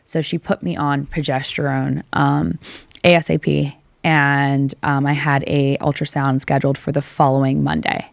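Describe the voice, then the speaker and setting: Low, gravelly woman telling a story. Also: flat delivery, normal speed, no room sound. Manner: tells it animatedly, acting out both sides of conversations. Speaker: podcast co-host. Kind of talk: emotional personal storytelling. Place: podcast studio.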